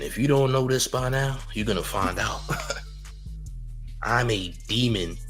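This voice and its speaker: A man's voice: lowish voice, sharp tone. A young man hosting a livestream commentary show, reading chat and boasting and trash-talking in a repetitive way, with laughs between lines. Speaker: YouTube commentary host.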